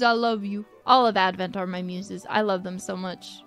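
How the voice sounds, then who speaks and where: A woman's voice: mid-range voice, steady tone, normal speed, hardly any pauses, a bit bright, soft background music. A woman streamer in casual chat, rambling, giggling and gushing about her friends, often putting herself down.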